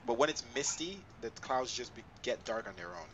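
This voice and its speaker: A young man streams a flight sim over a headset, his voice bouncing around with lots of animation. He's excitable and swears freely. Other voices chatter constantly in the background. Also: medium pitch, fairly quick. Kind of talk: casual live-stream chat. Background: friends talking over a call.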